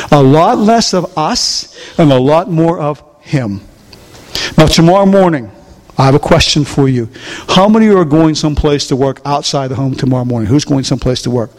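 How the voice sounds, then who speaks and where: A man's voice: fairly high pitch, long reverb tail. An older man preaching a folksy sermon, often asking the congregation questions. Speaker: pastor.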